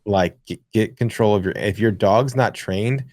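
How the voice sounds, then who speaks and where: Podcast co-host, man, lowish voice, loose and profane, dry close mic. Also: moderate pace, dry recording. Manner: rambling, profane, animated storytelling. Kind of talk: casual gaming podcast chat.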